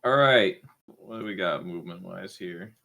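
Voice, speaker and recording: A man's voice: sits low, moderate pace, gravelly, sharp tone. A man playing a tabletop game, talking through his turn loosely and playfully. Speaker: player. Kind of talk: casual tabletop play.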